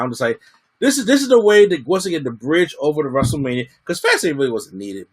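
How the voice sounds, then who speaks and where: A man giving a casual, slangy wrestling review, acting out what the wrestlers said. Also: fairly high pitch. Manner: animated, slangy, acts out quotes.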